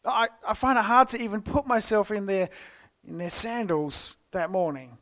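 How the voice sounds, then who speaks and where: A man with an Australian accent preaching a church sermon, telling the story expressively and moving between loud exclamations and hushed tones. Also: high voice, moderate pace. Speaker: pastor. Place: church service.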